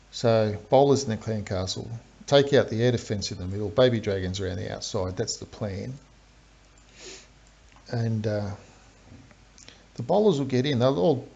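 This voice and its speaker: A man giving casual live commentary on a strategy game, breaking down attacks with fillers and sudden bursts of excitement. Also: medium pitch, gravelly, husky. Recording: dull lo-fi stream audio.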